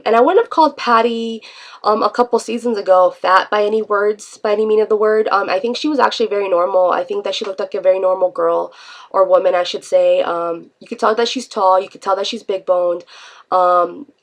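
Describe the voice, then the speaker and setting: A woman talking straight to camera in an unscripted vlog, her voice stuffy and congested from a cold. She rambles in a chatty, self-deprecating way, and her words carry a gravelly, fry-laden edge. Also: medium pitch, brisk. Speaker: vlogger.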